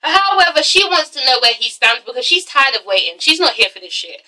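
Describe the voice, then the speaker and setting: A woman hosting a blunt, animated casual vlog review, swearing freely. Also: high voice, fairly quick, recorded from a distance, low-quality recording. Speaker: vlog host reviewing a reality TV show.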